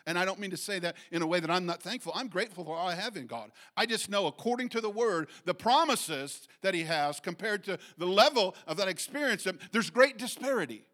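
A man preaching a sermon, reading scripture and speaking with animated rises, restarts and fillers. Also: sits high, brisk, few pauses. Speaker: pastor.

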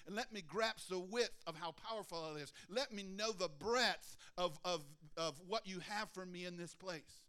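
A middle-aged male preacher whose voice sits a little higher than most men's. He talks earnestly, drops into hushed, intimate prayer, then lifts into emphatic preaching. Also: normal speed, hardly any pauses, clean tone. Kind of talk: sermon with spoken prayer.

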